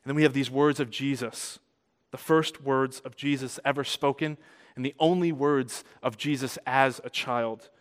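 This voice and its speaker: A man preaching a sermon as a pastor, conversational and animated, growing louder and softer as he tells the story. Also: mid-range voice, moderate pace. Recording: long hall reverb.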